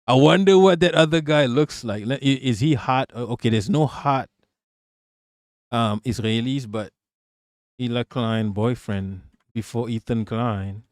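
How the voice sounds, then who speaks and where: A man's voice: medium pitch, unhurried, a little mellow, no room sound, clean studio sound. A man streaming live, joking crudely and rambling as he reacts to clips. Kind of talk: casual live-stream commentary.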